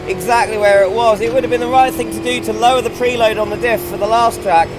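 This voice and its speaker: A man's voice: high voice, steady tone, quick pace, background noise. A man streaming a sim race, chatting casually and reacting to the driving mid-sentence. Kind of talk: casual live-stream commentary while racing. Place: home sim racing rig.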